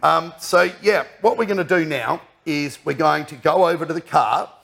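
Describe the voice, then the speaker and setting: A man's voice: fairly high pitch, moderate pace, gravelly, fairly bright tone. A middle-aged man hosting a casual, jokey show, rambling and laughing often. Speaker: podcast host. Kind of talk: casual banter.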